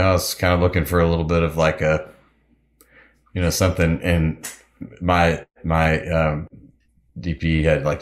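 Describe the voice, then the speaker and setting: A musician and pilot as an interview guest, telling stories in a rambling, laughing way with many restarts. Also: male voice, very deep voice. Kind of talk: casual storytelling interview.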